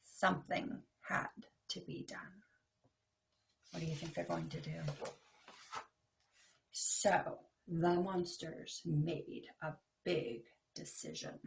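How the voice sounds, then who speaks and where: A woman, a kindergarten teacher, reading a picture book aloud to young children in an expressive, playful way and talking to them directly. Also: on the low side, takes it slowly, vocal fry, long pauses, slight background noise.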